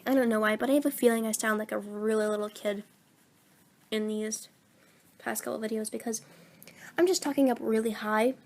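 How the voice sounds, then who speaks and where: A woman's voice: on the high side, fairly even intonation, fairly quick, pauses often, darkish tone. A fourteen-year-old girl who is sick, rambling casually into her phone about recording voice-acting videos. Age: teens. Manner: rambling, meandering, self-deprecating. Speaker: voice actor vlogger.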